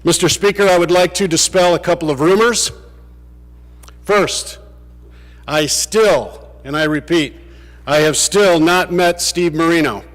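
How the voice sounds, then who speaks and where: With a fairly high-pitched voice and an unhurried pace, a state legislator gives his farewell address to fellow legislators, spicing it with dryly funny anecdotes. The vast chamber adds a long reverb.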